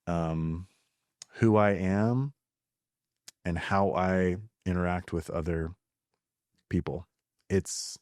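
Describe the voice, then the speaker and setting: A man in his thirties hosting a podcast, talking in an earnest, halting way with fillers and restarts. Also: deep voice, a little mellow, dry recording, studio quality. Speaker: podcast host. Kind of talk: reflective podcast monologue.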